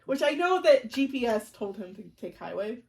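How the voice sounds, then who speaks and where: Animated young woman telling a story. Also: a little high, moderate pace, a crowd in the background. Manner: animated storyteller, acts out quotes, laughs, swears. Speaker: podcast co-host. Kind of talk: casual chat, storytelling.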